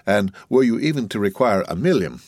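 Man doing a pompous rich banker, lowish voice, puffed up, dry recording. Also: sing-song, a little fast, a little mellow, no echo. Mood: arrogant. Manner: arrogant, then flustered and fawning. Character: haughty, purse-proud middle-aged banker. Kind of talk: audiobook character reading.

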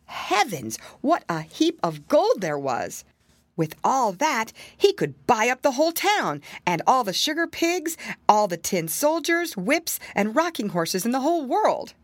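Lively woman reading a fairy tale. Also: a little high, measured pace, dry recording. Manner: expressive, lively storytelling with dramatic exclamations. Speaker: storyteller. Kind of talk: fairy tale read aloud.

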